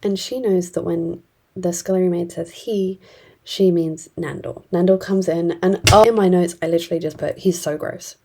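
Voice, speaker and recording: A woman's voice: on the low side, fairly even intonation, a little fast, vocal fry, background noise. A woman casually retelling and reviewing a fantasy novel, chatty and blunt, with many fillers. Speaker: book reviewer.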